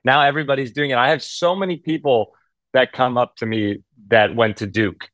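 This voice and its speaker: A man's voice: mid-range voice, steady tone, normal speed, fairly bright tone, no echo. A man guesting on an interview, telling a story in a casual, rambling way with many fillers. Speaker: actor guest.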